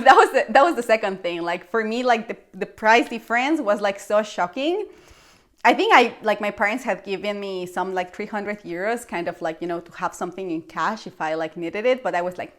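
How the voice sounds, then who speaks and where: A young woman from Mexico with a Mexican Spanish accent, a Spanish native speaker, telling a casual vlog story and acting out her own reactions with lively exclamations. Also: medium pitch, brisk. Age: young adult. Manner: animated, acts out her past reactions with exclamations. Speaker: vlogger.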